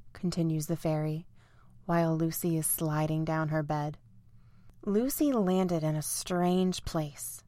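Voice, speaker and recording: Slow, expressive woman reading a storybook. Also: low-pitched, dry recording, studio quality. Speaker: narrator. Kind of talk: bedtime storybook narration.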